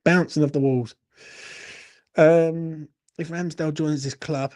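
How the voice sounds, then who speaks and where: A man's voice: a little high, fairly even intonation, measured pace, a little mellow. A man hosting a late-night fan Q&A, tipsy, swearing and ranting with laughing banter. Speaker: fan channel host. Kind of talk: late-night live Q&A chat.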